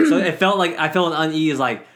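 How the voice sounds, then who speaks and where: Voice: medium pitch, fairly quick, fairly bright tone. A guest co-host in casual podcast chat, speaking hesitantly and repeating words at the start.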